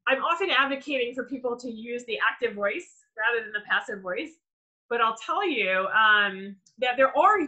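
Bright-voiced woman teaching online. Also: mid-range voice, poor audio. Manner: energetic teacher, explains with examples, many ums. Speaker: workshop speaker. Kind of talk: online lecture with Q&A. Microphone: video call.

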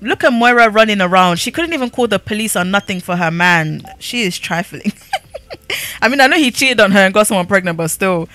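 A woman's voice: medium pitch, expressive, fairly quick, fairly bright tone. A young woman giving sassy, laughing commentary while playing a life-sim game. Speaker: gaming YouTuber. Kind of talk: let's-play commentary.

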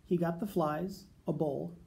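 A male teacher reading a picture book aloud to children, gentle and unhurried. His voice has a gravelly, mellow quality, and he takes his time with each line. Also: a little high, fairly even intonation, a little hiss or hum. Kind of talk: storybook read-aloud.

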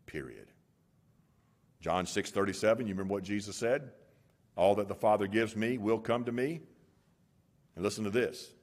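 A male pastor preaching an expository sermon in a church. He explains Greek words and swings between loud emphatic lines and hushed ones. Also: lowish voice, moderate pace, pauses often.

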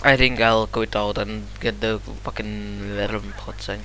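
A man with non-native English giving excitable, cursing gameplay commentary, often shouting at the game and searching for words. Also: fairly low pitch, unhurried, a little hiss or hum. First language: not English. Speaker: gamer.

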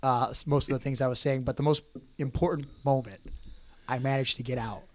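A man, a professional wrestler on a podcast, telling a lively story in casual chat and acting out quotes. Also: medium pitch, a little fast. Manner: animated storyteller, acts out quotes. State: hoarse voice. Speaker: podcast guest, pro wrestler.

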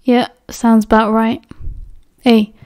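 A woman's voice: on the high side, flat delivery, takes it slowly, darkish tone, clean tone. A woman voicing a wry, caring teenage boy wizard in an audiobook, with a dry, teasing delivery.

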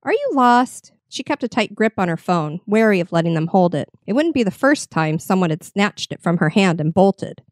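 A woman reading a horror story with measured, expressive narration. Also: lowish voice, no echo, studio quality. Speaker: story reader.

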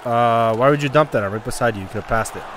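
Excitable man commentating a hockey game. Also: medium pitch, quick pace, background noise. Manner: excitable, trash-talking, cheering and groaning at the play. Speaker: gaming commentator. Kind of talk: casual gameplay commentary.

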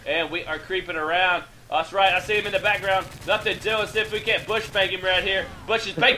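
A man giving excitable, profane, joking play-by-play commentary over an online shooter match. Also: high voice, fairly quick, hardly any pauses, slight background noise. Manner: excitable, hyped, laughing, swearing freely. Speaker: gameplay shoutcaster.

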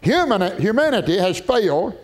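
A man preaching a Baptist sermon as pastor, emphatic and drawn out, rising at times to shouts. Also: sits high, very animated, moderate pace.

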